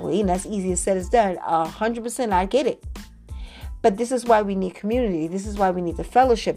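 A woman preaches in a faith podcast, her pitch sitting in a mid range. She shifts between slow, emphatic scripture reading and lively asides, inviting listeners to repeat after her. Soft music plays underneath. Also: vocal fry. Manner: slows down to read scripture with emphasis. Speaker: faith coach.

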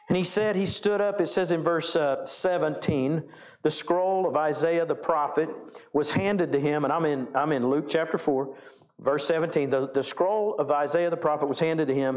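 Folksy ranch anecdotes fill this church sermon, delivered from the pulpit by a male pastor with a slightly high voice. He livens up considerably, animated as he performs the scenes while recounting them.

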